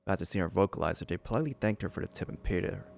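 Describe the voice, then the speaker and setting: A man hosting a let's play, reading the game's narration aloud in an even storytelling way. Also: sits low, racing, creaky, slight background noise.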